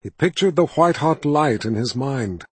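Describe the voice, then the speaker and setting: A man narrating a fantasy novel as an audiobook, telling the story in a measured, steady way. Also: fairly high pitch, slightly rough, dry recording.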